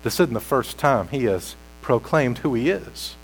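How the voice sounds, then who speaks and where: A man preaching a sermon as pastor, slow and deliberate, building to loud, emphatic peaks while sweating. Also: mid-range voice, animated, poor audio.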